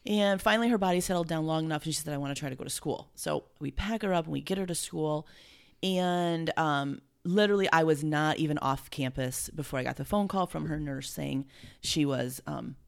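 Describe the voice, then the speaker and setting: A middle-aged woman with a low voice and a gravelly edge talks as an interview guest. She speaks from the heart, emotional and halting, and often breaks off and restarts. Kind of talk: heartfelt conversation.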